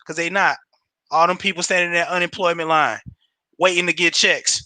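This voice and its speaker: A man giving a casual, slangy pep talk on a livestream, animated and laughing often. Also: a little high, a little fast, no echo. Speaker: home business promoter on a livestream.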